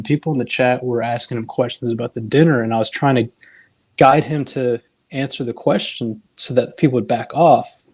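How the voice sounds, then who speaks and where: A man's voice: medium pitch, darkish tone. An exasperated man defends himself in a heated argument on a live stream. He tells his side at length and curses when he is interrupted. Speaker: watch community member.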